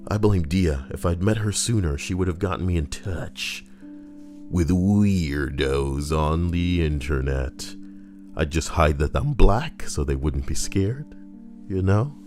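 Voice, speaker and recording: A man's voice: deep voice, animated, takes it slowly, a little mellow, soft background music. A young man reading Reddit posts and riffing on them in a crude, joking, rambling way. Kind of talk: casual commentary.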